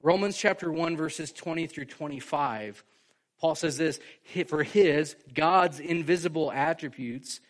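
Male pastor, higher-pitched voice, chatty animated sermon delivery. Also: measured pace. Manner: conversational, animated preaching with casual fillers.

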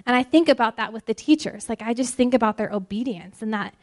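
A woman giving a devotional sermon in an earnest manner, slowing to stress key words. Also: fairly high pitch. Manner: earnest, with emphatic slow pauses. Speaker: ministry speaker.

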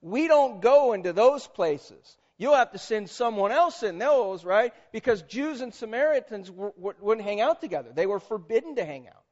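Animated high-voiced preacher, muffled recording. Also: male voice, normal speed, hardly any pauses. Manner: animated, conversational, quizzes audience. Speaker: pastor. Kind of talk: sermon.

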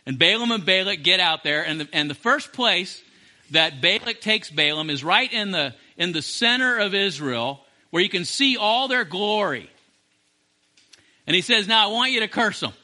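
A male preacher with a high, sharp, tense voice delivers an impassioned sermon. He loops back over phrases and restarts lines as he drives each point home. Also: lively intonation, normal speed. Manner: impassioned, repeats phrases and restarts mid-sentence.

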